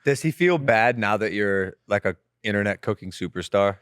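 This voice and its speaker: A man's voice: fairly low pitch, lively intonation, normal speed, a bit bright, clean tone, dry recording. Man, podcast co-host, teasing questions, close dry sound. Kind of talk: casual podcast interview.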